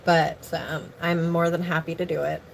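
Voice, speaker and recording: Low-voiced woman reading scripture live. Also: flat delivery, normal speed, gravelly, slight background noise, low-quality recording. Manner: earnest, warm toward viewers, rambling when off-script. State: slightly out of breath. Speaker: livestream Bible reader. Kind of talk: Bible reading and casual chat with viewers.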